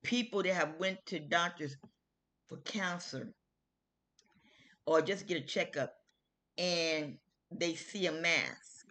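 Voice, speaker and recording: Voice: mid-range voice, slow pace, pauses often, sharp tone. A middle-aged health video host who tells a personal story in a casual, earnest way, with informal grammar and frequent restarts.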